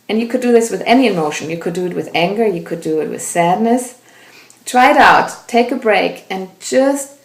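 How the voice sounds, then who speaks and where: A woman coaching viewers on emotional release, speaking directly to them in a gentle, reflective and inviting way. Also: on the low side, creaky, roomy sound. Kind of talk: direct-to-viewer guidance talk.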